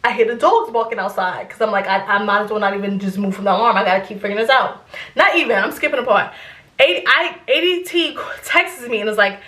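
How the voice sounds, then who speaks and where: A young adult woman vlogger telling a story in casual chat, rambling and animated, swearing freely. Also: medium pitch, fast talker, reverberant.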